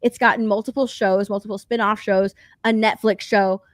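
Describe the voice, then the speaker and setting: A woman co-hosting a pop-culture news podcast, chatting casually with lots of fillers and excitement. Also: medium pitch, normal speed, no room sound, studio quality. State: hiccups. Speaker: podcast co-host. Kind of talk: casual chat.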